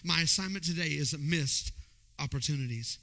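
A man preaching in a church, telling a personal story in a high voice. His tone is sharp and bright, and he jumps into the voices of the people in his story. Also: normal speed. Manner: animated, acts out voices in his stories. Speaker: pastor. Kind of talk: storytelling sermon.

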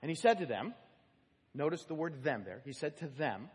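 A man preaches in a church sanctuary, his slightly high, husky voice rising and falling with lively emphasis. He teaches through the passage line by line, stressing single words and asking the room questions. The sound carries a long reverb from the hall. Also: moderate pace. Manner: animated teaching, stresses key words, asks the congregation questions. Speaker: pastor. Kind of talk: expository sermon.

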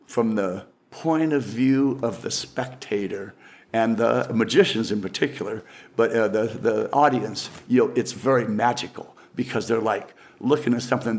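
A man's voice: mid-range voice, gravelly, darkish tone. An older man, a professional magician, telling stories casually in an interview, rambling with frequent restarts.

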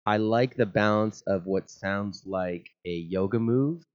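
A man's voice: fairly low pitch, a little slow, clear, resonant tone, muffled recording. A man co-hosting a casual podcast, trading dry jokes and banter. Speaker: podcast co-host. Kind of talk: casual chat.

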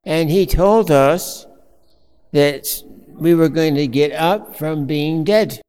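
A man's voice: a little high, slow, darkish tone, smooth. A man quoting an elderly woman cellist who worries about the resurrection, in his own plain voice, in an echoey church. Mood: worried.

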